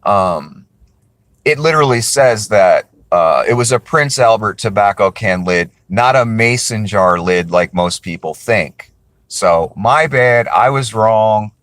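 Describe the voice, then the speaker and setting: A man's voice: lowish voice, expressive, slow, fairly bright tone, dry recording. A man casually talking to camera, rambling and apologetic as he corrects himself. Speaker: video creator.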